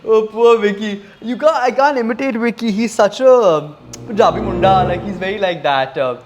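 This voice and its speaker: A man's voice: high voice, normal speed, crowd noise. A man, a podcast guest who is bashful and laughs at himself. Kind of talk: casual podcast chat.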